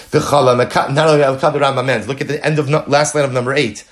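A man's voice: medium pitch, fast, few pauses. A man teaching a Torah lesson in class, telling dramatic examples and repeating key phrases for emphasis. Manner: animated, dramatic storytelling with role-play examples.

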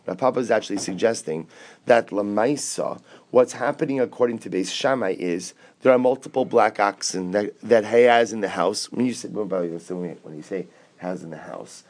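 A man's voice: fairly low pitch, normal speed, darkish tone. A man teaching a Talmud class, explaining step by step with rhetorical questions and mixing English with Aramaic and Hebrew quotes.

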